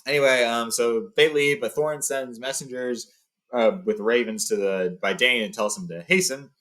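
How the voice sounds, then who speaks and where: Brief: a relaxed male reader, mid pitch, casual read-aloud storyteller. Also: moderate pace. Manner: loose, with fillers and paraphrasing.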